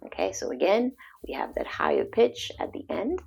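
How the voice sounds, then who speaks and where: A woman teaching a language lesson, slowly demonstrating pronunciation. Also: mid-range voice, very animated, vocal fry, a little mellow, slightly rough, soft background music. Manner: slow, deliberate demonstration of pronunciation. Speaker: French teacher.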